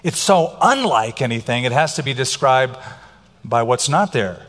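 A man's voice: medium pitch, lively intonation, moderate pace, fairly bright tone. A middle-aged man preaching a sermon as pastor, emphatic and varying his pace for effect. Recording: long hall reverb.

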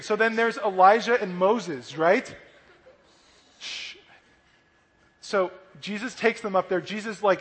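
Male kids' pastor, lively and animated, slightly high voice, big hall reverb. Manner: animated, asks "right?" often, acts out voices. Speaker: children's church pastor.

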